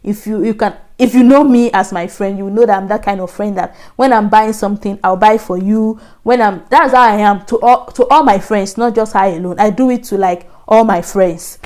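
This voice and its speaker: A woman's voice: medium pitch, moderate pace, hardly any pauses, darkish tone. A young woman telling a personal story to camera in a chatty, repetitive way. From Nigeria. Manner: chatty, repetitive, laughing asides. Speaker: vlogger.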